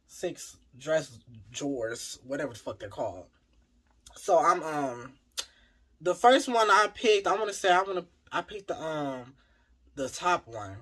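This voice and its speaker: Husky, animated man telling a story. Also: fairly high pitch. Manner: animated, profane, talks to viewers as y'all. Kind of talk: casual storytime.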